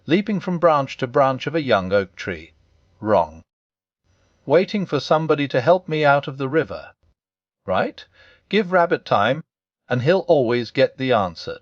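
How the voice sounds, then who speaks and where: A man voicing a gloomy old male donkey who talks slowly with cold, flat sarcasm. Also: mid-range voice, no echo, highs cut off. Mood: sulky. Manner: slow, flat, coldly sarcastic.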